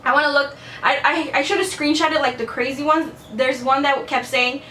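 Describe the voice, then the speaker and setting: A woman's voice: high voice, fairly even intonation, moderate pace, sharp tone, slight background noise. A young woman vlogging to camera, telling a dating story in a blunt, chatty way, swearing freely and filling with "like". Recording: echoey room, a bit far from the mic.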